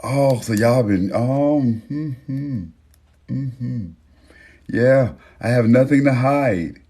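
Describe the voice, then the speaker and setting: A man's voice: medium pitch, very slow, breathy edge. A man hosting a casual livestream chat, talking loosely and with profanity to his viewers, calling them y'all and reading out their names. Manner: reads viewer names with warm affirmations. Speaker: livestream host.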